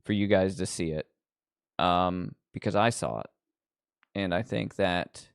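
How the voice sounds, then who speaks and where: A man's voice: low-pitched, unhurried, gravelly, clean tone, no echo, studio quality. A man hosting a livestream, rambling casually with lots of ums and likes. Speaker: livestream host.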